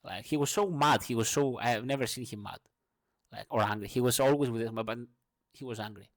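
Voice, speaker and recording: Passionate ranting man with a gravelly voice. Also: big pitch swings, normal speed. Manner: passionate, swearing, swings from loud outbursts to low murmurs; speaks English as a second language. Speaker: vlogger. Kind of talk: morning rant monologue.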